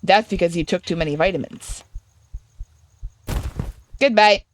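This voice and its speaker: A woman's voice: fairly low pitch, measured pace, slight background noise. A young woman hosting a horror game playthrough, reading the game text aloud with joking asides. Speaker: gaming video host. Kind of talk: casual let's-play commentary.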